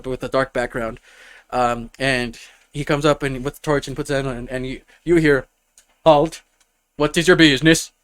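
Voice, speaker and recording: A man's voice: mid-range voice, smooth. A man narrating a tabletop fantasy game as game master, rambling with lots of fillers. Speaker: dungeon master.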